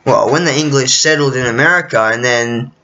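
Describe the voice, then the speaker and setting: A man's voice: medium pitch, brisk, bright, forceful tone. A man rambling casually to camera, often losing his thread and swearing freely. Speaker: vlogger. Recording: dull lo-fi recording.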